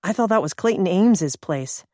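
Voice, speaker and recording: A woman's voice: medium pitch, animated, normal speed, dark tone, no room sound, studio quality, lightly acted. A woman voicing an anxious, impulsive man who talks urgently and makes things up as he goes. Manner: urgent, improvising, pushy.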